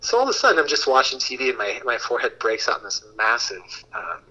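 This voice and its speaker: A man in his thirties, a podcast guest, telling a long story in a casual, animated way and acting out the voices he quotes. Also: mid-range voice, quick pace, poor audio. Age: 30s.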